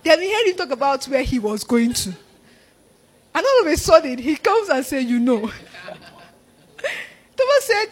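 A woman preaching a sermon, animated and laughing often as she acts out the disciples. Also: high voice, normal speed, long pauses.

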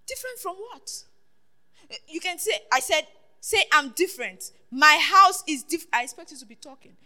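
A woman preaching a sermon, questioning her congregation and swinging between loud declarations and hushed asides. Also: sits high, animated, moderate pace. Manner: call-and-response questioning the congregation.

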